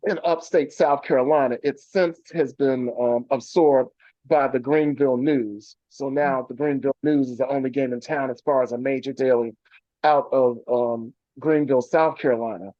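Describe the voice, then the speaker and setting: A man's voice: mid-range voice, fairly even intonation, normal speed, mellow, dry recording. A man, a journalist and activist, telling long anecdotes with many fillers in a remote radio interview over a video call. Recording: dull lo-fi call audio.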